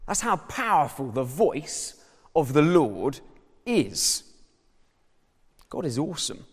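A man preaching a sermon with an animated, swooping delivery and a fairly high voice. He talks in a casual, conversational way. His voice rings out with a long reverb, as in a church hall. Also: slow, breathy edge. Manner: lively, conversational, uses props and slides.

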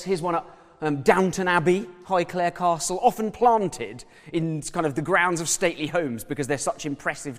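Chatty preacher guy giving a sermon, voice jumps around a lot, long echo like a big church. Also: high voice. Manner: lively, conversational, uses props and slides. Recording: long reverb of a church hall.

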